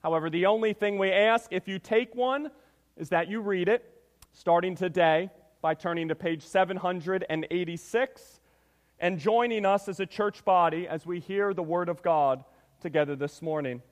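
A man serving as pastor delivers a sermon in a church sanctuary, reading scripture and leading prayer. His voice sits high for a man, and he preaches with emphasis, often calling out to the congregation. A long reverb from the hall lingers behind every phrase. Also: normal speed.

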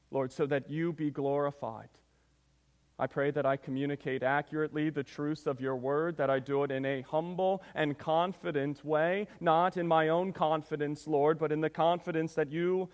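A man preaching a sermon as pastor, reading scripture and praying, with an emphatic delivery that often calls the listeners church. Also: a little high. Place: church sanctuary. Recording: long reverb of a church hall.

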